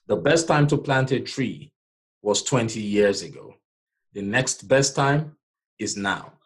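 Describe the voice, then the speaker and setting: A man from Nigeria with a Nigerian accent, hosting a podcast and giving emphatic, preacher-like encouragement. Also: medium pitch. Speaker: podcast host. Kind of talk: motivational podcast talk.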